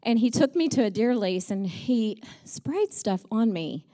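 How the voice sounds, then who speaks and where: With a fairly high, sing-song voice that's mellow and measured, a middle-aged woman at church tells heartfelt, chatty stories about her father, sprinkling in many ums as part of a personal storytelling message.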